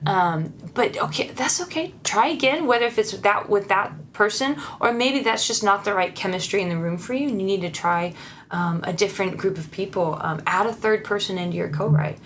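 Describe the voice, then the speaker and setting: A woman's voice: medium pitch, a little fast, a little hiss or hum. A woman songwriter chatting candidly as an interview guest, laughing often and encouraging listeners. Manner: laughs often, warm and candid, with frequent restarts; earnest and encouraging. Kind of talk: casual interview chat.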